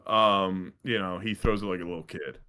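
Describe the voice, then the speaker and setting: A man co-hosting a casual podcast, telling a long story in a rambling, profane, animated way. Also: sits low, normal speed. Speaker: podcast co-host. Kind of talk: casual sports podcast chat.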